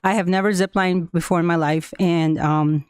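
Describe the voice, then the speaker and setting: A woman's voice: fairly low pitch, fairly even intonation, normal speed, a little mellow, smooth, no echo, clean studio sound. A woman whose first language is Spanish, a school staff member telling the board a personal story, with many fillers and restarts and frequent laughs. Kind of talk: personal account at a public meeting.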